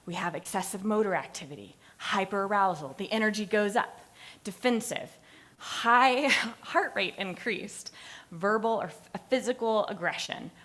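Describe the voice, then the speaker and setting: A woman with a mid-range voice speaks at a moderate pace. As a student presenter in a lively capstone presentation, she tells stories with energy, acts out moments, and laughs at herself.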